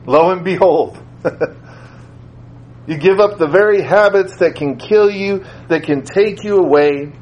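High-voiced man preaching conversationally. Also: a little slow, dull audio. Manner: conversational, repeats phrases for emphasis. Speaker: school teacher. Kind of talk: sermon.

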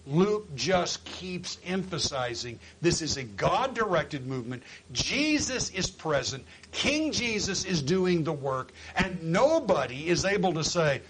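A man's voice: fairly high pitch, big pitch swings, moderate pace, a bit bright, slightly rough, rough recording. A man teaching a Bible class lesson, talking in an emphatic, conversational way with wry humor.

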